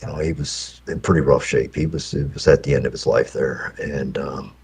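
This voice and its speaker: A man in his fifties tells a long personal story from prison. His voice is extremely deep and heavily husky, and his pace is unhurried. His telling rambles, with fillers and restarts along the way. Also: fairly even intonation, darkish tone.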